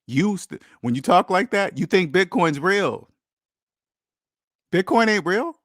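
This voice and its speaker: Animated preachy man, dry sound. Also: sits high, slow, dry recording. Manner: preachy, animated, acts out quoted voices. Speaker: finance channel host. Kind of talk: casual monologue on money.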